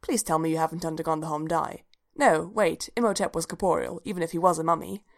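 In a storybook reading, a woman voices a bookish young archaeologist who is polite, formal, and a bit fussy. Her voice is low, fast, and creaky, with a prim mood.

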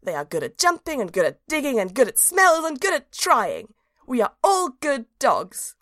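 A woman's voice: high voice, wildly swooping pitch, normal speed, a bit bright, no room sound, studio quality, exaggerated voice. A woman narrating a storybook in the voice of a cheerful, simple-minded little dog, earnest and childlike.

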